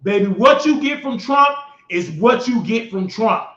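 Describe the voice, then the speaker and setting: Young male host, slow and emphatic delivery with slangy mockery; roomy, dull lo-fi recording. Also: high voice, animated, a bit bright. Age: young adult. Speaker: show host. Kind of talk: political commentary rant.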